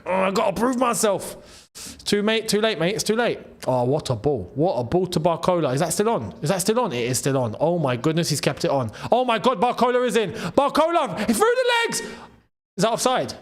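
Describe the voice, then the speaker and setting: Excitable man, lively high voice. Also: brisk. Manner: excitable, laughs often, banter-filled. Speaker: football channel host. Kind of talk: casual live watchalong commentary.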